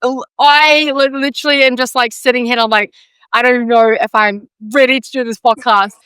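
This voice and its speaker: A woman hosting a podcast in casual chat, excitable and swearing freely, with plenty of fillers. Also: fairly high pitch, a little fast, clean tone, no echo. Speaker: podcast host.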